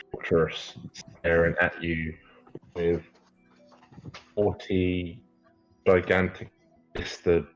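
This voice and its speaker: A man narrating a tabletop game as dungeon master, hesitant and full of fillers. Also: deep voice. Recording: muffled lo-fi stream audio.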